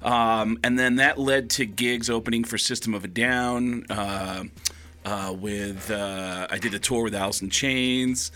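A man's voice: lowish voice, fairly even intonation, a little slow, sharp tone. A man, a comedian guest, telling stories in a loose, rambling way with many fillers. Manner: rambling, lots of fillers and laughs, slips into voices. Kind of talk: casual storytelling chat.

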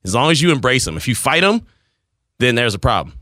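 A male radio host chats casually on air, rambling through an animated story at a quick pace and laughing at himself. His bright, forceful voice swings widely in pitch, and the sound is dry and close with no room sound.

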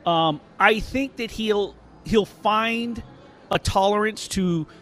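High-voiced man telling a sports story. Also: takes it slowly. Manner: animated, storytelling with many restarts. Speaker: local sports print reporter. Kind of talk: casual radio sports talk.

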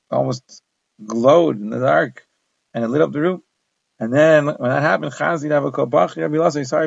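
A man's voice: on the high side, creaky, dry recording. A man giving a Talmud lesson, translating the Aramaic phrase by phrase into plain English. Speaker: Talmud teacher. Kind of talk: daf yomi Talmud lesson. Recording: dull lo-fi dry recording.

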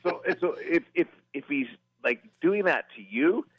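A man's voice: a little high, lively intonation, measured pace, muffled recording. A man calling into a radio show from home, speaking hesitantly with many fillers. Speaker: team employee guest. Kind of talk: casual radio chat. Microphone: remote call line.

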